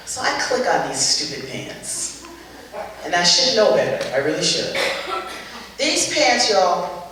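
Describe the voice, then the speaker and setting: An older woman performs stand-up comedy, her storytelling animated and exasperated, full of punchy asides. Her pitch leaps and dips constantly. She sounds far from the mic in a very echoey hall with faint ambient noise. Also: a little slow, long pauses. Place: stage at a charity show with a live audience.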